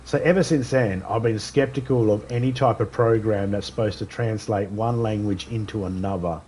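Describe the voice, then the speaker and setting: A man's voice: on the low side, moderate pace, a little hiss or hum. Man with slightly slurred speech. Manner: rambling, laughs often, animated storytelling. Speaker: streamer. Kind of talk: casual chat while gaming live.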